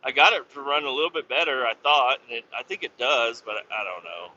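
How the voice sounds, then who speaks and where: A man's voice: mid-range voice, fast talker, pushed and bright. A man hosting a podcast, telling a rambling, profanity-laced story about his work day. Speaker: podcast host. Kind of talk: casual storytelling. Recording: slightly dull lo-fi sound with faint noise.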